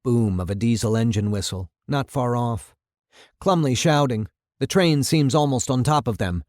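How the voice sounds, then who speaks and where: A man's voice: mid-range voice, normal speed, a little mellow, no echo, studio quality. A man reading the stage directions of a radio play aloud. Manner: plain narrating of sound cues. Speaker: reader.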